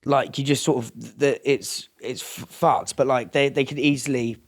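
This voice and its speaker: A man's voice: mid-range voice, steady tone, moderate pace. A man hosting an informal interview, asking questions loosely with lots of filler words. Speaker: podcast host. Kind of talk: casual interview.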